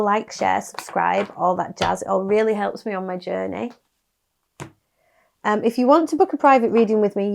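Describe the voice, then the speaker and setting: Chatty woman tarot reader, soft-spoken, a little gravelly, casual to camera. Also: medium pitch, slight background noise.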